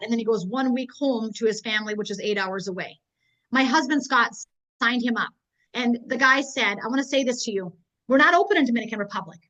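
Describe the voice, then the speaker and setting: A woman giving an energetic, emphatic motivational business talk as a presenter, telling stories with lots of repetition. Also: a little high. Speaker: network marketing presenter. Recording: dull lo-fi recording.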